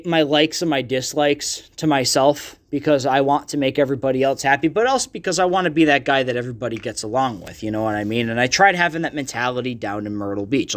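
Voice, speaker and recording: A young man hosting a podcast, ranting in a casual, profane monologue full of fillers. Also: mid-range voice. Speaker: podcast host.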